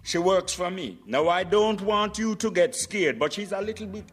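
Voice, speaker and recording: A man's voice: high voice, animated, moderate pace, breathy edge, soft background music. An actor playing a scheming, sarcastic older father who runs a record shop, in a radio sitcom. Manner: sarcastic, cheeky. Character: cheeky scheming old dad, sarcastic.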